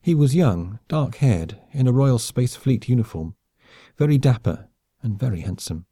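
A man narrating an audiobook in a brisk, wry storytelling manner. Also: medium pitch, animated, dark tone, slightly rough, dry recording, clean studio sound. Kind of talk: scripted narration.

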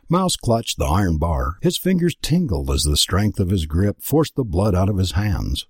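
Husky, expressive male narrator. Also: low voice, moderate pace, few pauses, no echo, clean studio sound. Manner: dramatic, expressive reading. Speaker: audiobook narrator. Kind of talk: scripted narration.

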